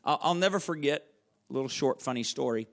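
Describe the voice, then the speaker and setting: A man's voice: mid-range voice, expressive, quick pace, creaky. A middle-aged man preaching a sermon, telling stories and repeating phrases for emphasis. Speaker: pastor.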